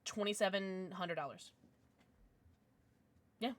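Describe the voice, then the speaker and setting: A woman's voice: mid-range voice, takes it slowly. A young adult woman streaming from home, chatting casually and gushing at her chat with sudden squeals.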